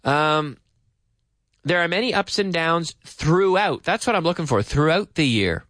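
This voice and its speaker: A Canadian man hosting a live radio English lesson from a studio, reading listener messages and explaining phrases slowly with examples. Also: a little high, animated, a bit bright, no echo. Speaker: radio English teacher and host.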